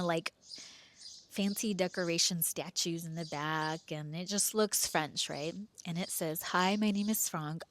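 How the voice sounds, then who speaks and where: Animated woman telling her own love story. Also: fairly low pitch, a little hiss or hum. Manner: animated, drops to hushed asides, quotes herself. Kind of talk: casual personal storytelling.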